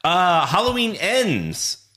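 A man co-hosting a podcast, relaxed and hesitant with fillers as he goes through news items. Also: sits high, slow. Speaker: podcast co-host. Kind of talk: casual news chat.

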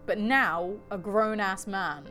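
A woman's voice: medium pitch, slow pace, bright, forceful tone, faint music behind. A woman co-hosting a podcast, telling a creepy story in a jokey, giggly way and swearing casually. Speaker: podcast co-host.

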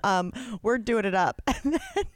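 A woman in her thirties co-hosting a podcast, telling stories in animated casual chat with frequent laughter. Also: on the high side, measured pace, no echo. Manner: animated storytelling, frequent laughter and acted-out quotes. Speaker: podcast co-host.

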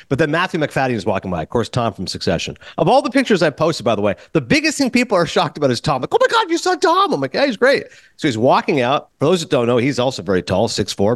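A man hosting a podcast, telling stories in a lively, casual way and acting out conversations. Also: mid-range voice, no room sound, studio quality. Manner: animated storyteller, acts out quoted exchanges. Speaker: podcast host.

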